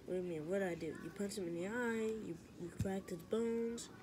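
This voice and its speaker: A woman's voice: mid-range voice, fairly quick. A woman performing every character of a homemade story herself, moving between plain lines and shrieked, wailing cries. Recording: noisy homemade recording.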